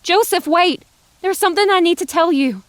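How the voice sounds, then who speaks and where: A woman's voice: a little high, fast, no room sound, pitched above the performer's own voice, lightly acted. A woman doing a distraught young frontier woman. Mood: pleading.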